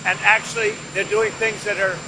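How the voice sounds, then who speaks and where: A man speaking in halting press remarks, repeating his words for emphasis. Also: high voice, level tone, background noise. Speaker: politician in a played clip.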